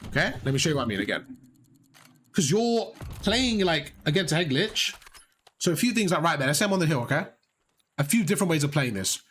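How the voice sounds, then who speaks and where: A man's voice: a little high, sing-song, fairly quick, a bit bright, slight background noise. A man coaching a player through gameplay, encouraging and explaining things step by step, often repeating himself. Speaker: gaming coach. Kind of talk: live coaching over gameplay.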